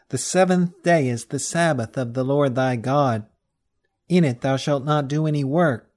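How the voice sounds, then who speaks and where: A man reading a sermon text aloud in a measured, solemn way, slowing down on the scripture quotes. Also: a little high, darkish tone. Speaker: reader of a religious text.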